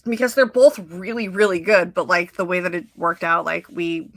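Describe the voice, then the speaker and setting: A woman's voice: fairly low pitch, steady tone, moderate pace, no echo. A young adult woman hosting a podcast, chatting casually with lots of fillers and quoted asides. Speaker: podcast host. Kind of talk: casual chat.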